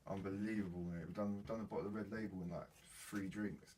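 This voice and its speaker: A man's voice: low-pitched, fairly even intonation, quick pace. A young man, chatting casually as podcast co-host, slangy and rambling. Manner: slangy, rambling, laughs often. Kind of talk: casual chat. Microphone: faulty mic. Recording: distant mic with faint noise.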